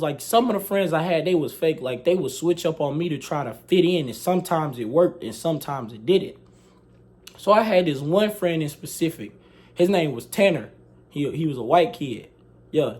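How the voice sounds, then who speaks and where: Young guy telling a storytime, slangy and worked up, kinda high voice. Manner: animated, slangy, profane retelling with acted quotes. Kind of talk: casual storytime.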